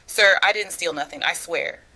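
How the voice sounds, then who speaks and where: A woman reading the lines of a shy, earnest homeless boy in a storybook tale, hesitant and rough in his speech. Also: on the low side, normal speed, bright, forceful tone. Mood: nervous. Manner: hesitant, rough street talk.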